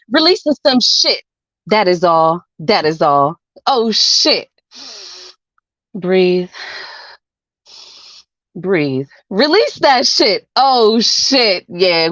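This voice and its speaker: A woman's voice: fairly high pitch, fairly bright tone, no echo, muffled recording. A woman performing a spoken word poem over a video call, laughing between lines and swearing freely, then chatting casually. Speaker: open mic poet.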